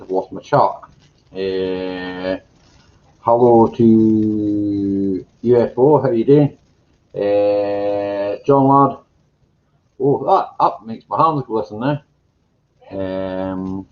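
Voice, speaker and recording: A man hosting a casual live chat, greeting viewers by name in a slow, meandering way and chuckling to himself. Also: on the low side, muffled recording. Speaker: live stream host. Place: home room with green screen.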